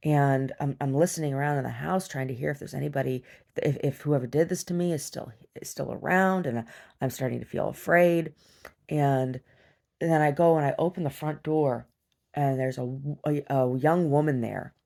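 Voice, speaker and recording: A woman recounting a disturbing dream in a personal video diary, talking haltingly with many restarts. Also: rumbling low, gravelly, darkish tone. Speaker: survivor sharing a personal story.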